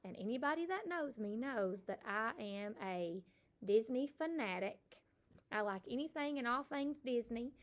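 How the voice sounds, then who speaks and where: A middle-aged woman, a kindergarten teacher giving a recorded phonics lesson and slowly sounding out each letter for young children. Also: fairly high pitch, animated.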